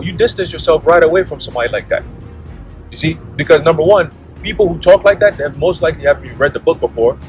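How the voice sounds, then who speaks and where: A man with a fairly high voice, captured in a rough recording, delivers a blunt, profane sermon. The religious commentator keeps checking in with "okay?" and "all right?"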